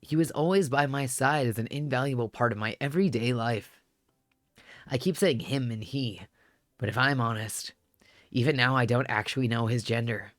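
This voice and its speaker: A man voicing a detached tall young man in a visual novel, speaking flatly and evenly. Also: medium pitch, normal speed, no room sound, studio quality, voice pushed down, close to an everyday voice. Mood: calm.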